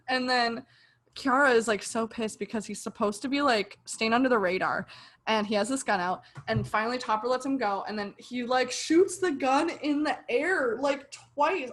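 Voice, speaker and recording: A woman's voice: fairly high pitch, a little fast. A young woman co-hosting a podcast, animatedly retelling a TV episode and acting out her own reactions. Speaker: podcast co-host. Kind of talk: casual chat reviewing a TV show.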